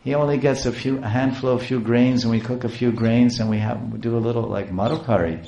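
A man's voice: medium pitch, steady tone, fairly quick, vocal fry, warm tone, slight background noise, lightly acted. A man voicing a poor village wife who is astonished and upset, in a raised, pleading tone. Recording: roomy echo.

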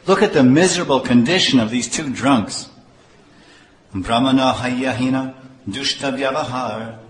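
Male preacher for a scripture class, unhurried and repetitive, acts out exchanges, echoey hall with faint room noise. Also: medium pitch. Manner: slow, repetitive, acts out dialogue.

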